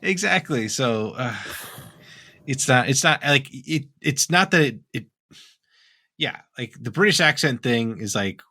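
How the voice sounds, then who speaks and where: A man's voice: medium pitch, animated, unhurried, pushed and bright. A man on a podcast as a guest, chatting casually, rambling and laughing often. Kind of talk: casual chat.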